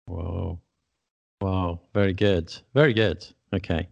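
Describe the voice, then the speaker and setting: A man's voice: low voice, steady tone, takes it slowly, vocal fry, a little mellow, dry recording, dull audio. A man who teaches English, chatting casually and laughing at his own mistakes. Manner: chatty, self-deprecating, laughs often. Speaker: podcast host and English teacher. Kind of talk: casual conversation.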